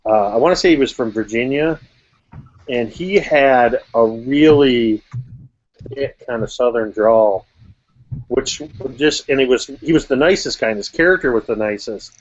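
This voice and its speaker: A man's voice: mid-range voice, a little slow. A man who runs tabletop games, chatting casually and hesitantly and often repeating words. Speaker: game master and host. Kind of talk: casual chat. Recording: dull lo-fi call.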